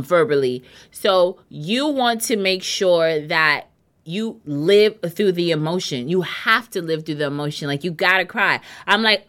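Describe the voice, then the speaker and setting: A woman's voice: medium pitch, bright, forceful tone. A woman hosting her own show, giving a chatty monologue and talking straight to her listeners. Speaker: show host. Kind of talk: casual talk show monologue.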